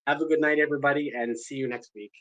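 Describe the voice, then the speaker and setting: A man's voice: medium pitch, fairly even intonation, racing, a bit bright, dry recording, low-quality recording. A man speaking in a casual live audio chat, enthusiastic and apologetic, often restarting and repeating words. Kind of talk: casual rambling community chat.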